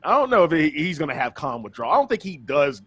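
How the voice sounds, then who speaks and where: A man's voice: a little high, quick pace, no echo. A young man co-hosts a casual podcast. He chats in a laid-back, joking way, and his voice rises and falls with plenty of range. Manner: relaxed, joking, chiming in. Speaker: podcast co-host.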